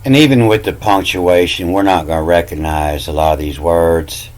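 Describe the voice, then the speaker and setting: A man's voice: sits low, normal speed, a little mellow, poor audio. A man giving a meandering, self-taught lesson, spelling out letters and repeating words with frequent "you know" fillers. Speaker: self-styled language teacher. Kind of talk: rambling explanatory monologue.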